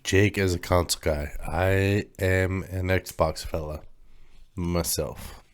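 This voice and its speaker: A man's voice: sits low, fairly even intonation, slow. A man co-hosting a casual podcast, joking around, laughing often and dropping dry quips. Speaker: podcast co-host. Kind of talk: casual chat.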